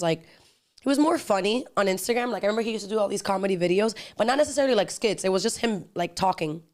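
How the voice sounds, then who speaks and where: A woman guest, an actress and singer, chatting casually in an interview, full of "like" and dropping Spanish phrases. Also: mid-range voice. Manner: fast, chatty, peppered with "like", drops Spanish phrases.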